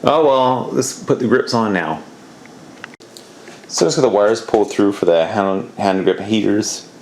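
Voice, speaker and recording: A motorcycle DIY vlogger with a fairly low, darkish voice narrates a casual repair job a little slowly, rambling in a laid-back way and occasionally sounding mildly exasperated. A faint hiss or hum sits under the recording.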